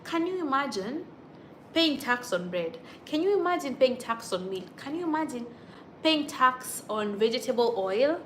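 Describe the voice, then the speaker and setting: A woman's voice: high voice, expressive, normal speed, a bit bright, slight background noise. A young Kenyan woman hosting a casual livestream from home, reading viewer comments in an emotional, indignant, exclamatory way. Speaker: livestream host.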